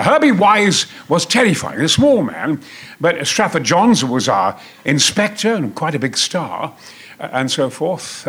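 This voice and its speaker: An older man in his seventies tells a stage anecdote in a booming, theatrical way, swearing freely. His voice sits high and leaps around lively. The tone is bright and forceful. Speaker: guest.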